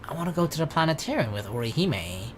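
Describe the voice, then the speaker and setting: A woman playing a visual novel and reacting playfully with loud, excited outbursts, over faint game music. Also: deep voice, fast talker, husky. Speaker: game streamer. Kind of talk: let's play commentary.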